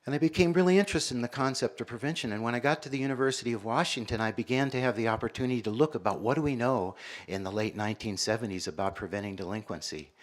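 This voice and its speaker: An American man in his sixties, a university professor giving a public lecture with measured storytelling. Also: medium pitch. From United States. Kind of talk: public lecture with personal stories.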